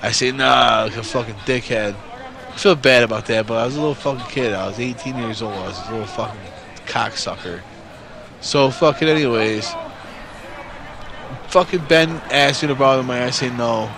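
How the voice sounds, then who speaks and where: A man's voice: mid-range voice, brisk, a crowd in the background. A man in his forties from New York State telling a story casually, rambling and swearing constantly. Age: 40s.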